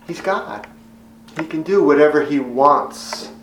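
A man preaching an expository sermon as pastor, teaching in a measured, earnest way and driving points home by repeating them. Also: fairly high pitch, roomy sound, slight background noise, poor audio.

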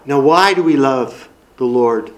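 A man's voice: medium pitch, unhurried, poor audio. A man preaching a sermon, reading scripture aloud and expounding it with emphatic repetition.

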